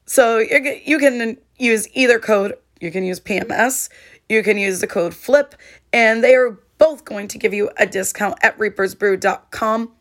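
A woman hosting her own podcast, talking alone in a heartfelt, reflective way, her voice hoarse and cracking. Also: a little high, normal speed. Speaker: podcast host. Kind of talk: solo podcast monologue.

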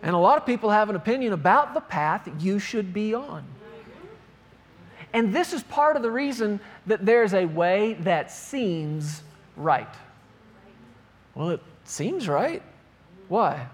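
A man's voice: sits high, expressive, a little slow. A man preaching a sermon, reading scripture aloud and driving points home with emphatic repetition. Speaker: pastor.

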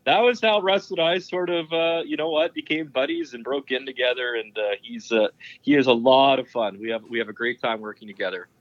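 A man's voice: medium pitch, a little fast, no room sound, dull audio. A man working as a sports broadcaster, telling stories in an interview in an enthusiastic, rambling way, full of fillers and restarts. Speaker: curling broadcaster. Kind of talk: casual anecdote telling in an interview.

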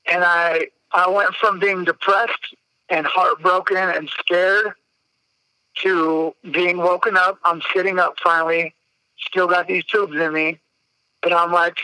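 A man's voice: high-pitched, flat delivery, normal speed, bright, forceful tone, smooth, no room sound, low-quality recording. A man, telling a personal story on a podcast in a candid, emotional way, swearing freely. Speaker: podcast guest. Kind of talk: casual storytelling.

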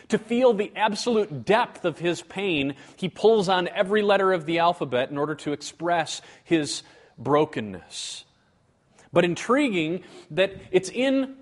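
A man giving a teaching sermon in an earnest way, slowing and dropping low to stress a point.

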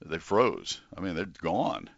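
An older man hosting a call-in garden radio show, chatty and folksy with lively exclamations. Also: low voice, takes it slowly, creaky, no room sound, lo-fi sound. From Texas.

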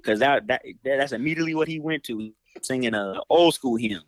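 A man's voice: medium pitch, brisk, no echo. Guest preacher type, man, easygoing and drawling, dry close recording. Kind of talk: casual podcast chat.

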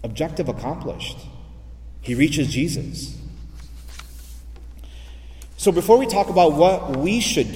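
A man's voice: medium pitch, a little mellow, far from the mic, a little hiss or hum. A man, a priest, preaching a sermon, repeating phrases and asking rhetorical questions. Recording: echoey hall, voice from afar.

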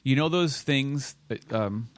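A man's voice: medium pitch, slow, dry recording. A man co-hosting a podcast over a video call, chatting in a playful, digressive way. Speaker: podcast co-host. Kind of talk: casual podcast chat.

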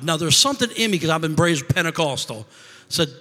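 Man telling a story, halting and reverberant. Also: a little high, animated, bright, forceful tone. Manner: rambling, halting, with many restarts and repeated words. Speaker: guest telling a personal story. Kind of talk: casual spoken storytelling. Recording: long reverb.

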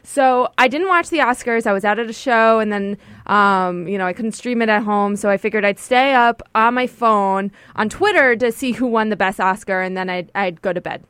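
A woman co-hosting a casual podcast chat, telling a story with lively voice-acting of the people in it. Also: mid-range voice, normal speed, few pauses, clear, resonant tone, no echo, studio quality. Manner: animated storytelling, mimics voices. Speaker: podcast co-host.

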